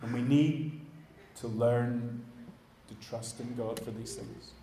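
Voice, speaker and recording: A man preaching a sermon in a church, animated, acting out the voices he quotes and dropping to a hush at the ends of phrases. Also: medium pitch, slow. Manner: animated, acts out quoted voices, trails off quietly. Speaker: pastor. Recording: echoey church room.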